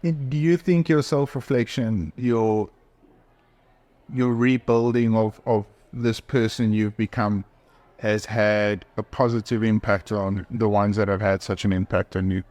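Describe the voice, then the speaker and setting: A man's voice: on the low side, steady tone, moderate pace, darkish tone, dry recording. A male podcast host asking the guest long, searching follow-up questions. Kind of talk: podcast interview.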